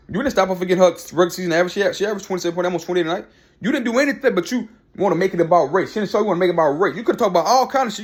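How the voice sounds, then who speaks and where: A man ranting heatedly about sports in a vlog, repeating himself and talking back to people by name. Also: high-pitched. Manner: fired-up, repetitive, talks back to people by name. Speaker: sports commentary vlogger. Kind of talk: heated opinion rant.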